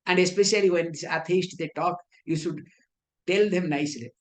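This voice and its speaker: A spiritual teacher gives a scripture lecture in English, often posing rhetorical questions and answering them herself, with playful, teasing asides. Her voice is on the low side, and she speaks at a moderate pace.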